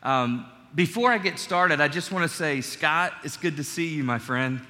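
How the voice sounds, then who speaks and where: A man's voice: a little high, expressive, moderate pace, noisy background. A middle-aged man preaching a sermon as pastor, in a conversational, joking way with his congregation, in a large church. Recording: long church hall reverb.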